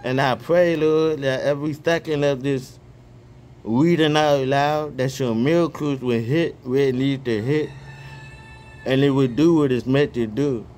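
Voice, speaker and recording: A man praying fervently and reading scripture aloud outdoors, excitable and stumbling over repeated words, speaking each punctuation mark aloud. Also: mid-range voice, unhurried. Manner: reads punctuation marks aloud. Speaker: online Bible reader.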